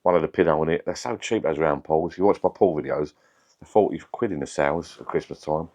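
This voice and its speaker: A middle-aged man with a deep voice, chatting casually and rambling to camera in his home vlog. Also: fast, darkish tone. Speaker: vlogger.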